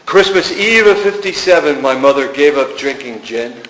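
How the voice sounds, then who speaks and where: A man's voice: fairly high pitch, animated, moderate pace, a bit bright, a little hiss or hum. A man poet giving a sing-song reading of rhyming verse at a gallery. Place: art gallery. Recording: roomy, dull gallery recording.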